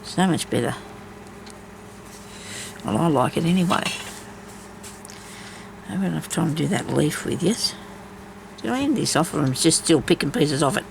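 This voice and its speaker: A woman's voice: deep voice, lively intonation, normal speed, creaky, pauses often, background noise. A woman chats casually while she embroiders, rambling from story to story with many asides. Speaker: craft vlogger.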